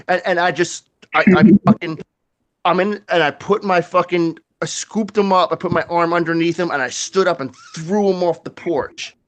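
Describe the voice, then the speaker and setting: A man with a slightly high voice tells a rowdy story, swearing freely and acting out the sound effects and other people's voices. He keeps it loose and conversational, with lots of restarts. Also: brisk. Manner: animated, swears a lot, acts out quotes and sound effects. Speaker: guest storyteller. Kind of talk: casual profane storytelling.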